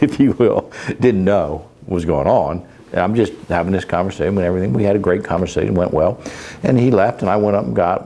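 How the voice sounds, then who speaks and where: Low-voiced middle-aged man telling his story. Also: a little mellow. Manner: plainspoken, rambling with many fillers and restarts. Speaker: caregiver and sales coach. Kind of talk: candid interview storytelling. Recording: faint background noise.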